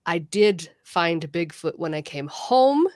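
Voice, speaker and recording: A woman speaking as a guest on a livestream, chatty and halting, with frequent giggles. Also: lowish voice, lively intonation, darkish tone, no echo, clean studio sound. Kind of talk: livestream interview.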